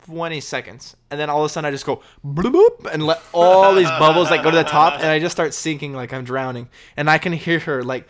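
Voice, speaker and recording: A man's voice: fairly high pitch, brisk, hardly any pauses, a bit bright. A young man co-hosting a casual podcast chat, rambling storyteller full of "you know" and "dude". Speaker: podcast co-host.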